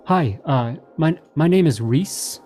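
A man's voice: fairly high pitch, expressive, takes it slowly, dark tone, soft background music. A man voicing a mild, hesitant office assistant who rambles politely about his work.

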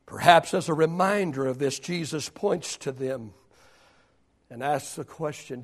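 A man preaching a sermon as pastor, repeating rhetorical questions, building to shouts and then dropping to a hush. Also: on the high side, unhurried. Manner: preaching with rising shouts and sudden hushed drops.

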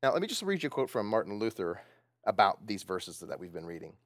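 A man's voice: on the low side, sing-song, quick pace, dry recording, studio quality. A man preaching a sermon, asking his congregation questions and laughing often as he talks. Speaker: pastor.

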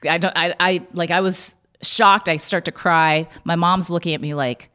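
A woman telling a personal story in a candid, halting way, with many restarts. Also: on the low side, a bit bright, clear, resonant tone.

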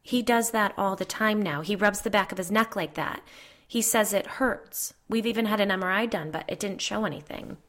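A woman's voice: mid-range voice, moderate pace, fairly bright tone, voice pushed up, lightly acted. A woman doing a frightened, pleading mother. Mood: anxious. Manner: anxious, pleading.

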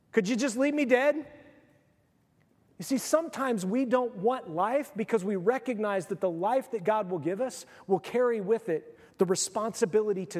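A male pastor preaching a sermon, telling the story with animated, acted-out voices. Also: high voice, long reverb tail.

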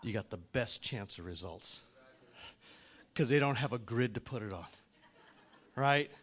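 A middle-aged man speaking as a lay preacher, telling a personal testimony with plenty of life. His voice drops to near murmurs and then climbs into loud, excited peaks. He has an ordinary, middle-range pitch. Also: a little slow. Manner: animated storytelling, swinging from hushed to loud. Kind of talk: sermon testimony.

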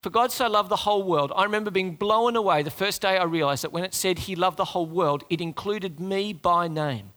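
Preaching to his congregation in a conversational way, a man asks them questions and addresses them directly. His voice is high and fairly bright, moving a little fast with few pauses.

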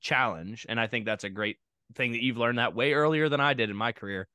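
A man co-hosting a podcast, an animated storyteller who acts out what people said. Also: mid-range voice, fairly quick, clear, resonant tone, no echo. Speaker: podcast co-host, diving coach. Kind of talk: podcast interview.

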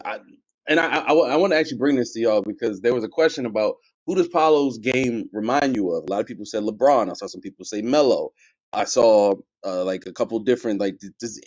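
A man's voice: medium pitch, brisk, a little mellow, dry recording. A man co-hosting a laid-back basketball podcast, teasing his friends and putting questions to them. The recording sounds a little dull and dry, as if from a modest mic in a small room. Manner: joking, teasing, asks the others questions. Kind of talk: casual sports chat.

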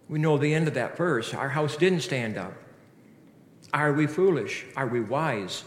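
A man preaching in a church, asking his listeners earnest rhetorical questions and often restarting his sentences. His voice sits at an ordinary pitch for a man. The sanctuary is roomy and rings with a long reverb. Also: lively intonation, slow, long pauses. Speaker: pastor. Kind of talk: sermon. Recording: echoey hall reverb.

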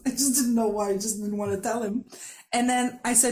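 A podcast host with a fairly high-pitched voice speaks fairly quickly during a candid, conversational interview. Laughing often, she tells a personal story in an open, animated way.

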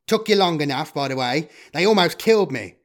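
A man's voice: fairly high pitch, expressive, brisk, natural voice. A man voicing a greedy, sneering male data trader who talks smugly. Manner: smug, sardonic.

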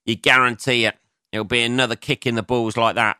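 A young adult man doing a casual solo podcast monologue as a comedian, swearing a lot, mocking himself and answering his own asides in a higher voice. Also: steady tone, a little fast, bright, forceful tone, no room sound, studio quality.

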